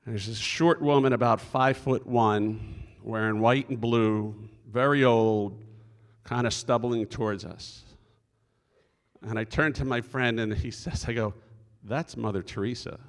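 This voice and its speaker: A man's voice: medium pitch, steady tone, unhurried. Middle-aged deacon man, folksy stories, earnest, echoey hall. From Philadelphia area. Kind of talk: sermon. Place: conference hall stage.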